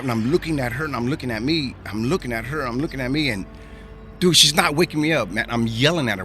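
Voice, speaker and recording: A man's voice: medium pitch, expressive, fast, bright, forceful tone, soft background music. A man hosting a podcast, telling a personal story in a casual, rambling way, repeating himself and using slang. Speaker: podcast host.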